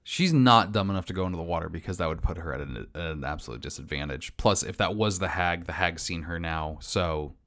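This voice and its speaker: A man's voice: sits low, animated, a little fast, few pauses, a bit bright. A man playing a tabletop game, thinking aloud in a casual way. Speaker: player.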